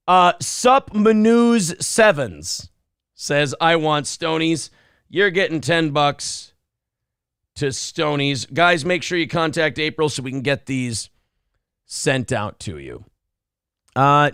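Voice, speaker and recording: A man's voice: fairly high pitch, a bit bright, no room sound, clean studio sound. A man hosting a live show, reading chat comments aloud and firing back at critics in a brash, taunting way. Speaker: show host.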